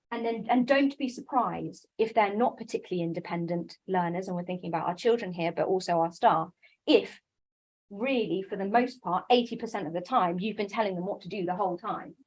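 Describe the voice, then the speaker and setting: A woman giving a conference talk on coaching, lively and self-deprecating, with quick quoted asides. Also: medium pitch, poor audio. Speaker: coaching speaker.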